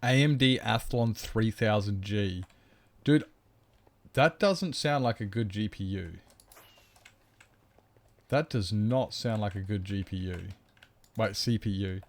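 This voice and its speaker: A man's voice: on the low side, takes it slowly, long pauses. A man streaming a survival game, chatting casually, reading chat aloud and drifting into mock-grand asides.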